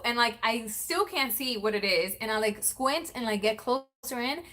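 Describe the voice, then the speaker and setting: A young woman vlogger chatting casually, acting out quoted lines with big jumps in pitch. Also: lively intonation, normal speed, few pauses, sharp tone. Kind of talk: casual storytelling chat.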